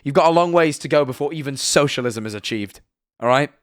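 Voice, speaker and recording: A man's voice: mid-range voice, fairly quick, dry recording, studio quality. Rambling British guy on a stream. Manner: rambling, swearing, emphatic, lots of "right?". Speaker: streamer reacting to videos and chat. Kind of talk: casual live-stream chat.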